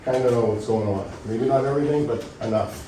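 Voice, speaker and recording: A middle-aged man speaking insistently and argumentatively at a public meeting, his voice going hoarse. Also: mid-range voice, fast, background noise. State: losing his voice. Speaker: resident speaking at public comment. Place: town meeting room. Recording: echoey room from far off.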